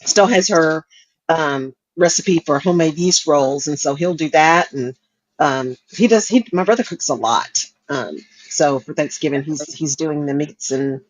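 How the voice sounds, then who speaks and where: A woman's voice: sits low, measured pace, dry recording, rough recording. A woman co-hosting a talk show, chatting casually and laughing often as she talks. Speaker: podcast co-host. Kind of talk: casual chat.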